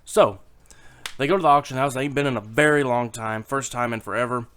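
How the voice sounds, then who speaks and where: Man, casual joke telling, rambling, swearing, at home, daughter on his lap, middling pitch. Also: a little fast, a bit bright. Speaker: YouTube joke teller.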